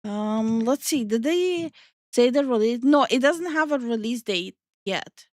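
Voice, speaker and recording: This streamer and VTuber host is a young woman with a higher-pitched, somewhat dark voice and lively, unhurried delivery. She chats loosely with her live audience, reads their messages aloud, jokes around, laughs often and drops casual swears. The recording is dry and studio quality.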